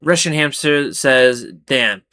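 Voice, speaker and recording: Man, mid-pitched voice, reading reddit posts, casual commentary, sarcastic asides, exasperated. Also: lively intonation, slow, very noisy. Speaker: Reddit story narrator.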